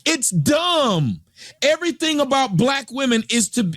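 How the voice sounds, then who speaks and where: A man's voice: very high-pitched, big pitch swings, a little slow, fairly bright tone, dry recording, studio quality. An American man hosting a reaction stream, ranting with profane, scornful commentary. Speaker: reaction channel host.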